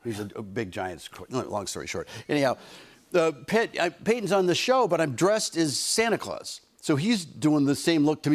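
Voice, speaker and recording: A man's voice: on the high side, very animated, normal speed. A man from Detroit, a talk show guest telling rambling anecdotes full of restarts and acted-out voices, in a TV studio. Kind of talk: casual anecdote.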